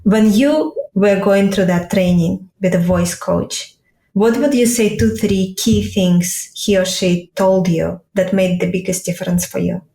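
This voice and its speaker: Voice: mid-range voice, steady tone, unhurried, gravelly, warm tone. A podcast host asking an interview guest curious, open questions. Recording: echoey room.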